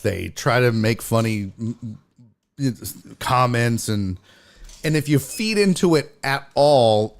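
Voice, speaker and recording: A man hosting a show and telling a road story in a casual, animated, profane way, often restarting his sentences. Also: mid-range voice, clean tone. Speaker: host and stand-up comedian.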